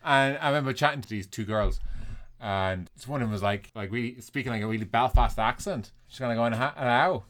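A man's voice: mid-range voice, brisk, a bit bright. Brief: easygoing male co-host, chatty anecdote teller. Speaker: podcast co-host. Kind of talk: casual chat.

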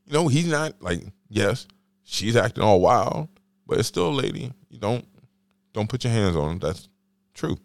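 A man's voice: medium pitch, big pitch swings, normal speed, no room sound. A man hosting a solo podcast, telling a story in a rambling, slangy, joking way. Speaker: podcast host.

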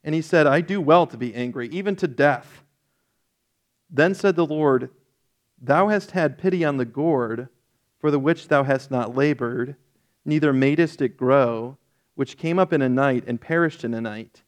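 A male pastor giving a casual Bible-teaching sermon in a relaxed, self-correcting way with light jokes, and reading scripture aloud with rising emphasis. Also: mid-range voice, measured pace.

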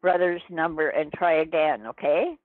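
A man's voice: a little high, moderate pace, no room sound. A man on the phone, polite but growing exasperated. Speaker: caller on the phone. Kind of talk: phone call. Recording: tinny phone line.

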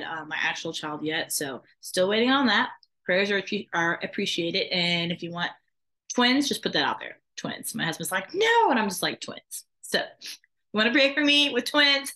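A woman's voice: fairly low pitch, sharp tone. A young adult woman, a podcast co-host, introducing herself in a chatty, rambling way with laughs. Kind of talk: casual self-introduction.

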